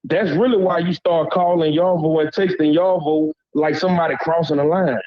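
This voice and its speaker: A fairly high-pitched Southern man from Louisiana speaks at normal speed in a steady tone, the recording muffled. He's calling in to a panel for a heated, blunt rant in slang, repeatedly asking "you hear me."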